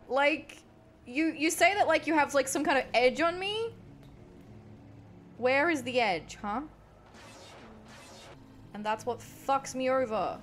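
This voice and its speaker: A woman's voice: on the high side, a little slow, long pauses, a bit bright, slight background noise. An Australian woman giving dramatic, exasperated let's-play commentary as a gaming streamer, swearing often.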